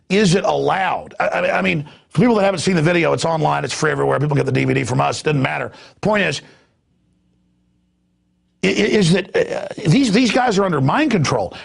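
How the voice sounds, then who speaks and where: A man's voice: on the high side, big pitch swings, a little fast. A man hosting a talk radio interview, emphatic and stammering when worked up. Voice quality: gravelly, raspy. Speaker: host.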